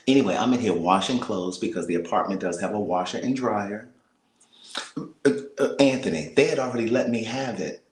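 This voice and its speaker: An American man talking casually to live viewers from a small apartment, speaking softly and half-whispering, laughing and reading out comments. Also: on the low side, animated, moderate pace, long pauses, reverberant, rough recording. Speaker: vlogger on a livestream.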